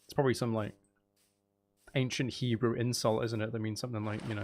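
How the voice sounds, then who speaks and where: Here the voice is medium-pitched, level, fast and somewhat dark, with a slight hiss or hum. He's a game streamer chatting loosely with viewers, cracking jokes and teasing himself as he plays.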